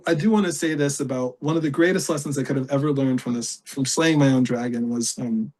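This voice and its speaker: A man in his thirties, a podcast guest, talking casually in an animated, rambling way with frequent swearing. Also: medium pitch, fast talker, few pauses. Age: 30s. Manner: animated, profane, rambling with fillers. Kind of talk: casual chat.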